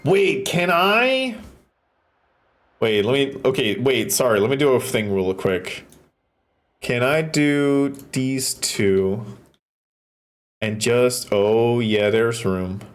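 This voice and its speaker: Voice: medium pitch, lively intonation, takes it slowly, pauses often. A streamer chatting on a live stream while building a stage, swearing freely and making goofy sound effects.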